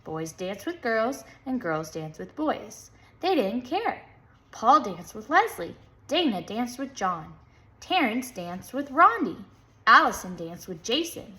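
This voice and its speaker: Lively woman reading a kids' book. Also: fairly high pitch, takes it slowly. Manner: lively, playful, with sung rhythm sounds. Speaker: storybook reader. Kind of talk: children's book read-aloud.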